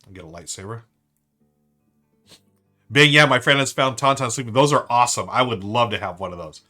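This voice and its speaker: A man's voice: medium pitch, fairly quick, bright, forceful tone, faint music behind. A man hosting a live-stream trivia board game, chatting upbeat and thinking aloud to his viewers.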